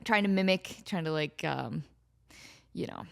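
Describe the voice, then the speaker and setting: A woman's voice: low-pitched, unhurried, creaky. A woman in her thirties hosting a casual solo comedy podcast, chatty and self-deprecating, often breaking off mid-thought. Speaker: podcast host.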